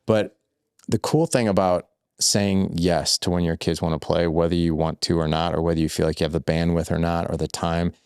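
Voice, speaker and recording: A man guest on a podcast, telling animated stories that act out quoted lines, with lots of filler words. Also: low-pitched, fairly quick, clear, resonant tone, no echo, studio quality. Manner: rambling, heavy use of filler words. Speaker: guest, fatherhood coach. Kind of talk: conversational podcast storytelling.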